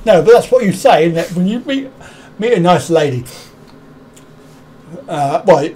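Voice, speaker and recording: A man's voice: high voice, lively intonation, measured pace, a little mellow, a little hiss or hum. A man hosting a casual live stream, rambling, chuckling often and answering viewers' comments one by one.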